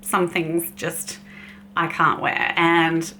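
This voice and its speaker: A bubbly woman vlogger talks through her makeup in a casual, chatty way. Her voice is bright and forward, with light laughter between her sentences. A faint hum sits behind her. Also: on the low side, monotone, extremely slow. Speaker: beauty vlogger. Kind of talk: casual makeup swatching chat.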